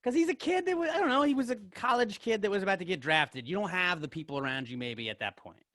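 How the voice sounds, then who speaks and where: A man's voice: high-pitched, animated, quick pace, a bit bright, no room sound. Rambling man, dry close mic. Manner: rambling, filler-heavy, gets worked up. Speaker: podcast co-host. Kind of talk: casual chat.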